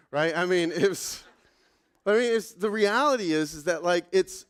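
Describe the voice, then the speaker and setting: A man in his thirties delivers a sermon in a loose, conversational way. He pokes fun at himself and leans on fillers and asides. His voice sits slightly high for a man. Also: normal speed, clean tone. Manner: conversational, self-deprecating storytelling with many fillers. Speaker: pastor.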